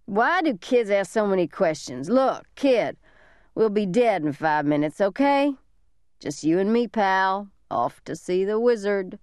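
A woman voicing a drunk, unhinged, suicidal large man who taunts in a slow, mocking drawl, in an audiobook reading. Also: medium pitch, lively intonation, a little mellow, clear, resonant tone, dry recording, clean studio sound, close to an everyday voice. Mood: taunting.

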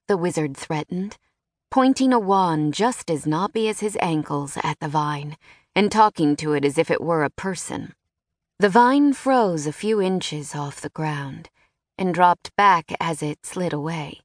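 A woman's voice: low voice, lively intonation, measured pace, dry recording, clean studio sound. Woman narrating a fantasy audiobook.

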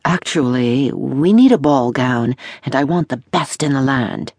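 A woman voicing a wealthy, gruff young gentleman in an audiobook, speaking curtly. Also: a bass voice, unhurried, no room sound, clean studio sound, full character voice. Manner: gruff, curt.

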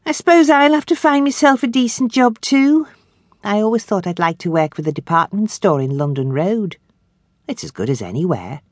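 A woman's voice: medium pitch, sing-song, moderate pace, no room sound, clean studio sound, voice pushed up. A woman reading an audiobook, voicing an earnest, hopeful young woman in a raised, eager voice.

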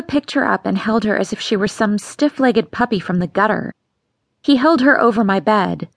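A woman narrating an audiobook in a measured, tense storytelling manner. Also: mid-range voice, gravelly, no echo. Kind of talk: scripted narration.

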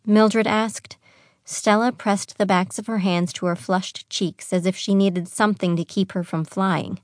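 A woman narrating a young adult fantasy audiobook in a measured, even storytelling manner on a close studio mic. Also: mid-range voice, dry recording.

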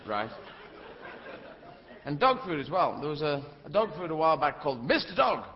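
A middle-aged man doing stand-up on a theatre stage, rambling and animated, with a pitch that leaps around constantly. His voice is a little high for a man and carries a long hall reverb. The recording sounds dull, and an audience is clearly audible behind him. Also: moderate pace, a faint crowd. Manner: rambling, animated, puts on shouting old-lady voices. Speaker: stand-up comedian. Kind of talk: stand-up comedy routine. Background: audience laughter.

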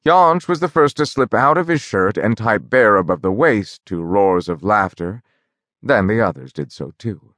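A man narrating a novel in a measured, even storytelling manner on a close studio mic. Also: fairly low pitch, dry recording. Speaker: audiobook narrator.

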